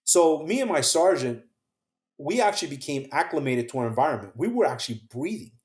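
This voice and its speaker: A man, a podcast guest, telling his own survival story in an earnest way. He acts out the voices of others and goes quiet at the painful parts. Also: a little high, very animated, brisk, reverberant. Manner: earnest, acts out quoted voices, drops soft at painful moments. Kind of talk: emotional first-person storytelling.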